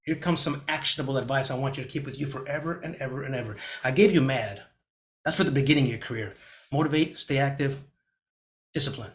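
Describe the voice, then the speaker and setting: A middle-aged man teaching a real estate class over a video call, energetic and motivational, often acting out panicked clients in a higher voice. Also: quick pace.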